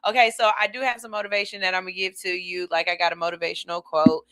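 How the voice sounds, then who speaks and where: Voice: mid-range voice, little pitch movement, fast, few pauses, fairly bright tone, clean tone. A podcast host talking casually and motivationally to the audience, checking in on viewers one by one in a laid-back way.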